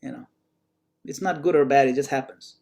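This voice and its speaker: A man telling a story and voicing a calm royal minister who accepts whatever happens. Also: mid-range voice, normal speed, creaky, close to an everyday voice. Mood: serene. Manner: serene and matter-of-fact.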